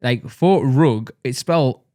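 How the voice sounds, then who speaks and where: A man's voice: medium pitch, measured pace, warm tone, dry recording, clean studio sound. A young man co-hosting a podcast, joking and teasing his co-host in casual banter.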